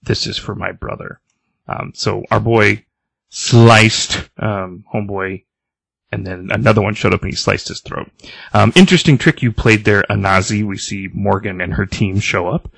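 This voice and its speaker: Recapping a comic on a comics podcast, this man speaks at a moderate pace in a lowish voice that's creaky and slightly rough. His retelling is animated and casual, with character lines read out loosely, and no room sound.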